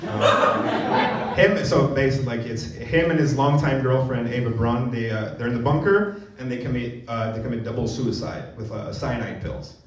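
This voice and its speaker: A young man performs a self-mocking stand-up set at a moderate pace, animated and jumping into high-pitched acted voices, swinging from mumbled asides to loud punchlines. The roomy, distant live recording comes from a comedy venue, with the audience laughing throughout.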